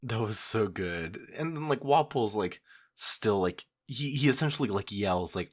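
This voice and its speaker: A man's voice: fairly low pitch, expressive, normal speed. A young man co-hosting a casual fan podcast, laid-back, swearing and saying "like" a lot. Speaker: podcast co-host.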